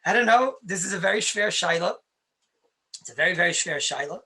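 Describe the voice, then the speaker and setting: A man's voice: sits high, expressive, brisk, bright, forceful tone. A man, a rabbi, teaching Jewish law in a conversational lecture, stressing points by repeating them and answering his own questions.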